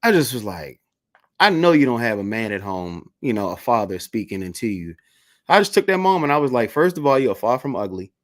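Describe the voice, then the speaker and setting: A man hosting a video-call interview, telling a story in a casual, animated way and acting out the people in it. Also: mid-range voice, a little fast. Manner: animated, acts out the voices in his stories.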